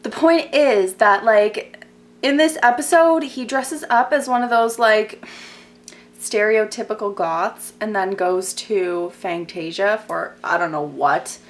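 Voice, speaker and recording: A woman's voice: mid-range voice, takes it slowly. A young woman in a casual TV recap vlog, chatty and gossipy, filling her talk with "like" and sarcastic asides. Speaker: vlogger.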